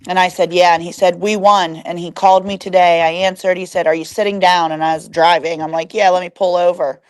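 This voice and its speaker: A woman guest on a live stream, telling a story in a relaxed, casual way. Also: fairly low pitch, fairly quick, no echo.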